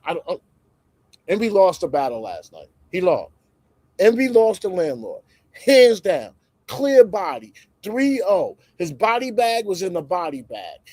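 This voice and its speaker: A man with a fairly high voice talks through a casual livestream, animated and conversational. He jumps between loud, emphatic points and quiet muttered asides. The sound is dry and close, with no room echo. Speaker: livestream commentator.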